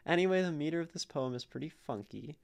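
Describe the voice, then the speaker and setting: A man's voice: on the high side, expressive, quick pace, gravelly. A man hosting a live stream, casually analyzing poetry and thinking aloud as he taps out rhythms in syllables. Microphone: streaming mic.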